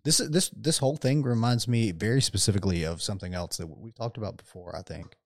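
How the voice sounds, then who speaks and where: A man with a somewhat low voice co-hosts a casual gaming podcast. He rants with animation and swears constantly. The sound is dry and close. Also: quick pace, no echo. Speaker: podcast co-host. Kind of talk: casual chat.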